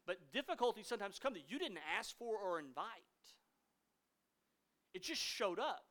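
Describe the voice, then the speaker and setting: Man, 30s, pastor preaching a dynamic sermon; bright, forceful tone with loud peaks and quiet drops. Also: sits high, very animated, moderate pace. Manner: dynamic preaching, swinging from loud emphasis to hushed asides.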